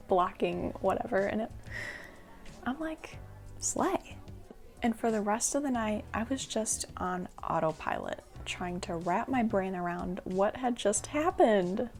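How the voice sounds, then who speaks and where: Young woman vlogger, animated storyteller, raspy low fry, light music bed. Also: moderate pace, hardly any pauses. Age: young adult. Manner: animated, dramatic storytelling with quoted voices. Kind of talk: storytime vlog.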